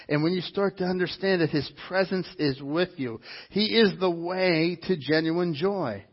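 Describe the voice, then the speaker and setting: A male pastor delivers an animated sermon, repeating his key lines for emphasis and slipping into quick impressions of other people. His voice is husky and sits a little high for a man. The recording sounds dull and lo-fi. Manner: animated preaching with mimicked voices and repetition.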